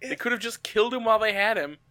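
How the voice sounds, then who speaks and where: A man's voice: sits high, quick pace, pushed and bright. A man co-hosting a casual podcast, throwing in sarcastic quips. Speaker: podcast co-host. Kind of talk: casual chat.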